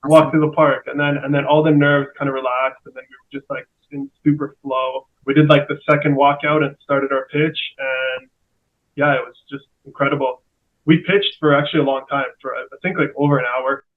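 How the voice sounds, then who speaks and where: Flat-voiced man on a tinny line. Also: mid-range voice. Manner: halting, filler-heavy storytelling. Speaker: entrepreneur guest. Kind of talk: casual podcast chat.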